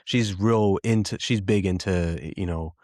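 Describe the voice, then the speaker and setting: A man in his thirties hosting a podcast, telling a personal story in a reflective, halting way with frequent restarts. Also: low-pitched, darkish tone, dry recording, clean studio sound. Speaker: podcast host.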